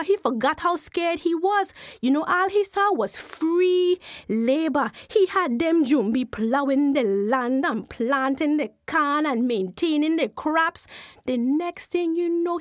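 A woman storyteller, telling a folk tale with lively, dramatic pacing. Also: sits high, no echo, studio quality. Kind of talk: animated oral folk storytelling.

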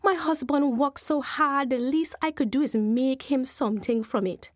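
A woman's voice: high voice, moderate pace, no room sound, clean studio sound, natural voice. A woman voicing a caring farmer's wife who exclaims over the crops. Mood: admiring. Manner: admiring, exclaiming. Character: kind fussing Caribbean farmer's wife.

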